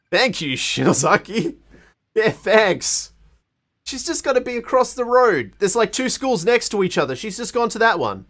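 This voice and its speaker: A man's voice: sits high, sing-song, moderate pace, a bit bright. Playful Australian man reading game lines. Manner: playful, jokey, reads every character's lines in put-on voices. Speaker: game streamer. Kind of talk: live game playthrough, reading dialogue aloud.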